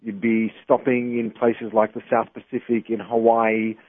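An Australian-born man speaking as a phone guest, measured and explanatory with some fillers. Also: fairly low pitch, little pitch movement, no room sound. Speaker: guest on phone, travel company owner. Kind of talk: phone interview. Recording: tinny phone line.

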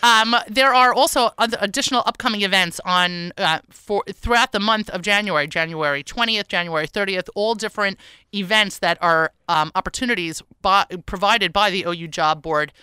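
A woman hosting a live radio talk show, chatting and joking playfully with quick asides and frequent laughter. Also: mid-range voice, bright, forceful tone, clear, resonant tone, no room sound.

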